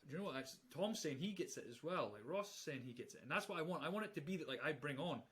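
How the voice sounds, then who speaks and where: A man's voice: fairly high pitch, lively intonation, fast, fairly bright tone. A man hosting a podcast speaks earnestly and casually. He uses blokey slang and fills his sentences with "like". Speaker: podcast host.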